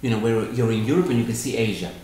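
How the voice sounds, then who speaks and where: A man's voice: fairly low pitch, quick pace, slight background noise. A man telling stories in a talk, acting out quoted dialogue in other voices. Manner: animated, acts out quoted dialogue. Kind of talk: storytelling talk answering questions. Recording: echoey room.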